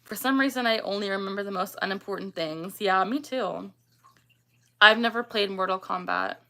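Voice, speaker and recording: A woman's voice: medium pitch, moderate pace, pushed and bright. A woman, hosting a casual livestream and chatting as she reads out and answers viewer comments. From Canada. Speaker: livestream host.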